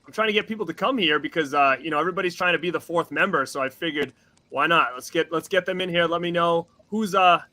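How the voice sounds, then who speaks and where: A man hosting a live stream from outdoors at night, excitable and calling out shout-outs to the chat. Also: fairly high pitch, quick pace. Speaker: host.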